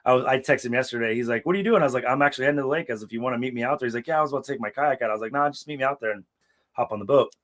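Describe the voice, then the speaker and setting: Young male co-host, mid-pitched, casual and profane, tells long rambling stories. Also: steady tone, racing, fairly bright tone. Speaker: podcast co-host. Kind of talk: casual live watch-along chat. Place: hot room without air conditioning.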